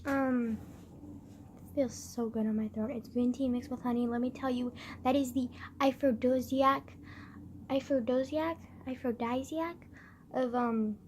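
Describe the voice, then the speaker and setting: High-voiced teen girl ranting while sick. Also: fairly even intonation, a little slow, slight background noise. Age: teens. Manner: swearing, dramatic retelling. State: congested with phlegm. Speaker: vlogger. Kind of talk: casual rant.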